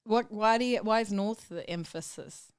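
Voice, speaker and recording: A woman in her thirties co-hosting a casual comedy podcast, teasing her partner with quick deadpan retorts. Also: mid-range voice, clean tone, no room sound, clean studio sound. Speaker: podcast co-host.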